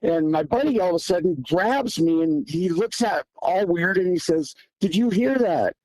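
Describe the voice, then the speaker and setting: Man with a fairly high voice, dry close sound, recounting a tense wilderness hunt with vivid quoted dialogue. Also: moderate pace, darkish tone, no echo, poor audio. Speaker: guest hunter recounting an encounter. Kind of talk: casual storytelling.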